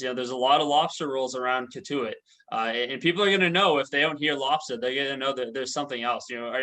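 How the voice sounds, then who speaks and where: A man's voice: mid-range voice, bright, forceful tone, poor audio. A man, a team beat reporter, chatting jovially as he interviews two guests. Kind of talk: casual interview.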